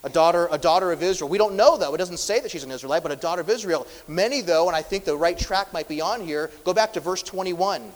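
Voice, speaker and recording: A man preaching a sermon as pastor, swinging between loud, emphatic lines and hushed, quiet ones. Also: sits high, quick pace, hardly any pauses, in a large hall, poor audio.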